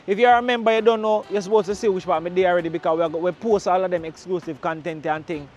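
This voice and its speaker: Man, jamaican accent, chatty walking-tour vlogger, high voice, camera mic outdoors. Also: steady tone, fast, a little hiss or hum. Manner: chatty, patois shout-outs. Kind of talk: casual walking-tour narration. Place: outdoors on a town street.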